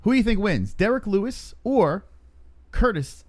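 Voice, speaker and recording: A man's voice: sits high, sing-song, normal speed. A man co-hosting a live stream, chatting casually in a joking, rambling way. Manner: joking, rambling, with many fillers. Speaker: stream co-host.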